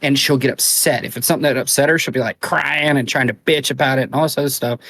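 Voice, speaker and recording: A man's voice: medium pitch, fairly even intonation, fast, gravelly, a bit bright. A man co-hosting a podcast in casual chat, telling a rambling story full of swearing. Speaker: podcast co-host.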